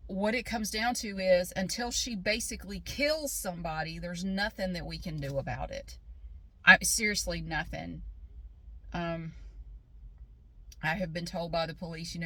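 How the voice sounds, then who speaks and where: A woman's voice: on the low side, normal speed, pushed and bright, dry recording. A middle-aged woman chatting casually and rambling through a story, recorded in her parked car. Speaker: vlogger. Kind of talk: casual chat vlog.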